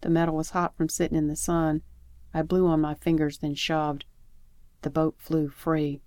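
A woman with a notably low voice narrates a first-person story at a calm, measured pace. Her reading is steady, and the close recording is dry, with no room sound around her. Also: no echo. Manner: calm, measured storytelling with lively acted dialogue. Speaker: audiobook narrator.

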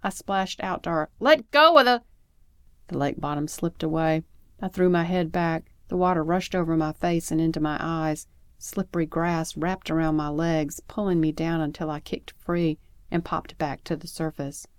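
Low-voiced woman narrating a story. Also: clean tone, no echo, clean studio sound. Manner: calm, measured storytelling with lively acted dialogue. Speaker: audiobook narrator. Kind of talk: scripted first-person narration.

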